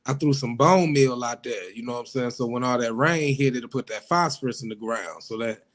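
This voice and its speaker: A man co-hosting a talk show, relaxed and easygoing, using casual slang. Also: mid-range voice, brisk. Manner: laid-back, laughs easily, relaxed slang. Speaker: co-host.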